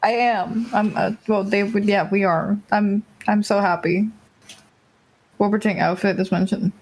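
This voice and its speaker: Woman streamer from Germany, casual game chat, giggly, rambling with fillers, mid-pitched. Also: fairly even intonation, unhurried, a little mellow. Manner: giggly, lots of laughter and fillers. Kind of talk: casual chat while playing a visual novel.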